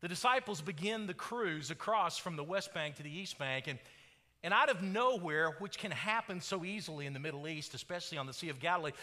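A man preaching a sermon, telling the story dramatically, building to loud cries and then falling to a hushed voice. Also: fairly high pitch, lively intonation, brisk, in a large hall. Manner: dramatic storytelling, rising to shouts and dropping to hushed tones.

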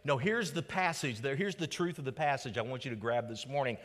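A man preaching a sermon as pastor, with dramatic swings between loud rhetorical questions and low, quiet emphasis. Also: a little fast. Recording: long hall reverb.

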